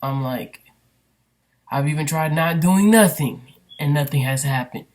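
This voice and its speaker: A woman's voice: deep voice, measured pace, darkish tone. A woman candidly venting in a personal vlog, rambling and emotional with many fillers, recorded on a built-in computer microphone. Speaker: vlogger.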